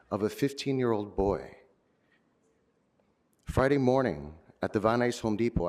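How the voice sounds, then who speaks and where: Man, public commenter, lowish voice, solemn, earnest, declamatory. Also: a little mellow. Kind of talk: prepared public comment speech. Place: city council chamber. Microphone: podium microphone.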